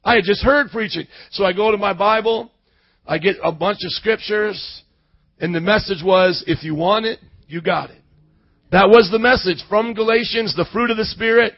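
A man preaching, telling his story in a sermon, from quiet storytelling up to shouted passion. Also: sits high, normal speed, no echo, highs cut off. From Indiana suburb. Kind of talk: sermon testimony.

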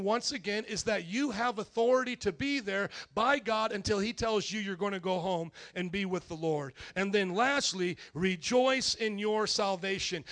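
A man preaching a sermon as pastor, acting out quoted dialogue and building to loud emphatic peaks in a church. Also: high-pitched. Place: church sanctuary.

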